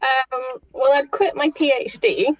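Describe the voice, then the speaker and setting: Young uk woman on a podcast, soft spoken, muffled dull audio. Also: high-pitched, expressive, a little slow, no room sound. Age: young adult. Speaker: podcast guest. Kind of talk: casual chat.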